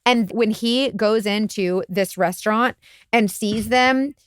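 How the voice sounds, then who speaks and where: A woman speaks slowly in a clean, studio-quality recording with no room sound. She's a private investigator co-hosting a podcast, telling a story in casual conversation and animatedly acting out quotes with big leaps in pitch.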